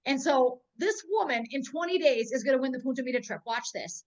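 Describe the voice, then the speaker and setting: A network marketing trainer coaches her sales team over a video call, her voice sitting high and moving fairly quickly through poor-quality audio. She's a lively storyteller who keeps checking that everyone is following along.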